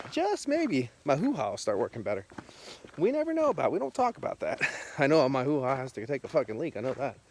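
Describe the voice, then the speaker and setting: Casual male vlogger, breathless, rambling and jokey, handheld camera outdoors. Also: medium pitch. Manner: rambling, joking, chatty. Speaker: beer vlogger. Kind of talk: casual walking vlog. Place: outdoors on a country road.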